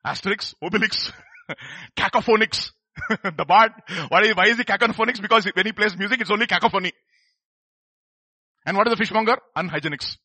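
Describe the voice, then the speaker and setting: Male preacher, bright husky voice, quizzes the congregation, dry close sound. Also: high-pitched, brisk, long pauses, no room sound. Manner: emphatic, quizzes the congregation with rhetorical questions. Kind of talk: sermon.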